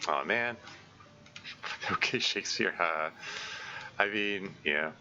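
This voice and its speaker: A man's voice: sits low, slow pace, pauses often, bright, forceful tone, lo-fi sound, slight background noise. A man casually commenting while playing through a visual novel, rambling with lots of fillers. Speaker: streamer. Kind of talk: casual let's play commentary.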